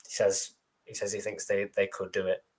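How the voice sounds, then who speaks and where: Deadpan man hosting a football fan show. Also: low-pitched, moderate pace. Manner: dry deadpan joking, reads out viewer comments. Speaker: podcast co-host. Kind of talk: casual live fan show chat.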